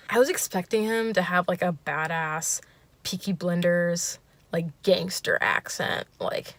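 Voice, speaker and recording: A woman's voice: fairly low pitch, a little slow, dry recording. A woman YouTuber telling a dating story in a comic, dramatic way, acting out the other people's voices. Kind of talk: storytime vlog.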